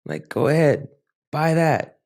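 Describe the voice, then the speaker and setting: A man's voice: fairly high pitch, sing-song, slow pace, darkish tone, pitched above the performer's own voice, heavily acted. A man voicing addiction's sly inner voice. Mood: coaxing. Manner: coaxing, wheedling.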